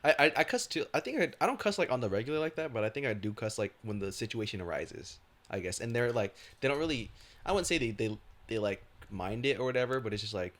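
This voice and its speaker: A man's voice: medium pitch, lively intonation, fast talker, a bit bright. A young man co-hosting a casual podcast, joking in laid-back slang and laughing often. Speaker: podcast co-host. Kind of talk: casual chat.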